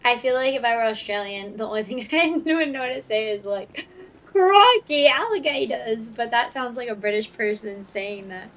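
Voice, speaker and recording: A woman's voice: on the high side, brisk, hardly any pauses, a little hiss or hum. A woman streamer giving casual, chatty commentary over a game, laughing and joking. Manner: giggly, chatty, jokey asides.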